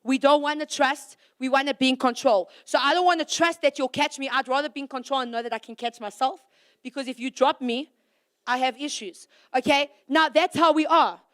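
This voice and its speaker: A young woman giving an animated youth sermon to a live audience, acting out short exchanges with God. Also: high-pitched, a little fast. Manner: animated, acts out little voices for God and herself. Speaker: youth speaker.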